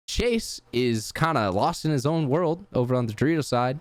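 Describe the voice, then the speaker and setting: A man's voice: mid-range voice, animated, normal speed, no echo. A young man hosting a podcast in casual chat, laid-back, laughing easily and swearing freely. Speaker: podcast host.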